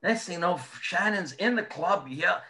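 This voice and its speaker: A man, a former hockey player, telling animated, profane anecdotes in a casual chat, laughing as he goes. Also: high voice, normal speed.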